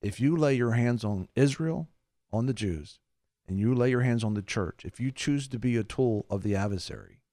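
A man's voice: medium pitch, normal speed, warm tone, dry recording, studio quality. A man hosting a radio ministry show, preaching in an earnest, plain-spoken way and giving on-air announcements. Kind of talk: sermon commentary and radio announcements.

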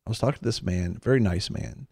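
A Southern American man hosts a casual faith talk show, slipping into the voices of the people in his stories. His voice sits low with a gravelly edge. The sound is close and dry. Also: quick pace, dry recording. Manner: animated storyteller, acts out quotes. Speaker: radio show host.

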